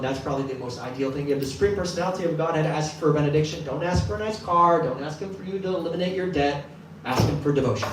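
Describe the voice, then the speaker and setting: A man's voice: fairly high pitch, a little hiss or hum. A man giving a casual sermon to a live audience, telling a story and acting out the quoted voices of its people. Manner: lively, acts out quoted voices. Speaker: temple class speaker. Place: temple hall with live audience. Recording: echoey room from a distance, faint ambience.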